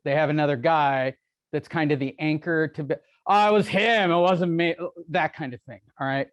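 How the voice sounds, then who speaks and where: A man's voice: fairly high pitch, no echo, muffled recording. Brash joking man addressing a room. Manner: brash, joking, self-deprecating. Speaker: real estate speaker. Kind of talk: live seminar talk to a room. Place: meeting room with audience.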